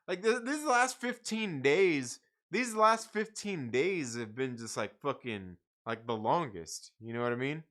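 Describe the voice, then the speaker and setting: Late at night, a livestream host goes through viewer comments in a rambling, profane style with plenty of laughter. His bright voice swings widely in pitch, and though he sounds tired, he keeps talking.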